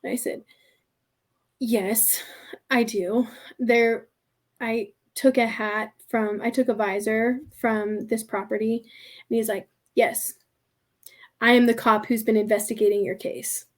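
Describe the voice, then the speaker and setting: A podcast guest with a high, light voice tells a story in casual conversation, speaking a little slowly but chatty and animated. She laughs a lot, uses "like" and "I'm like" constantly, and puts on little voices when quoting people.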